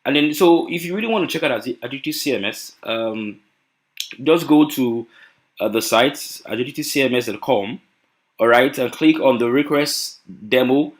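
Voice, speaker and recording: A man's voice: medium pitch, normal speed. A man with a Nigerian accent gives a conference talk, with many fillers and restarts. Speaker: conference speaker.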